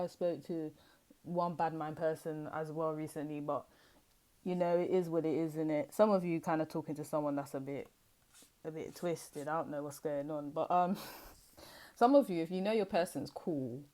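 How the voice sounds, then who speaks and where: A woman's voice: low voice, moderate pace, a little mellow. A young woman giving a tarot reading in a chatty, slangy, rambling way. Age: young adult. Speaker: tarot reader. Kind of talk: casual tarot reading to camera.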